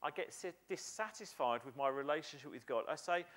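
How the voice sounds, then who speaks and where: British male pastor, sermon delivery, lively sing-song pitch, slightly higher voice than most men. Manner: animated preaching, acting out quoted voices with slowed emphatic lines.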